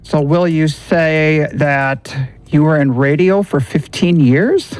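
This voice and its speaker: A man's voice: fairly high pitch, slow, darkish tone, clean tone. Earnest male podcast host, faint music. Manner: earnest, promotional when reading segments. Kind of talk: casual podcast talk and announcements.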